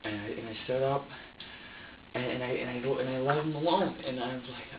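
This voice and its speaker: A man's voice: a little high, fairly even intonation, background noise. Upset guy rambling and cursing in an interrogation room, muffled roomy cam audio from far off. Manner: halting and repetitive, swearing often. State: distressed. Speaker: interrogation suspect. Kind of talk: emotional confession under questioning. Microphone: security camera from a distance. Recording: dull roomy distant security-camera audio.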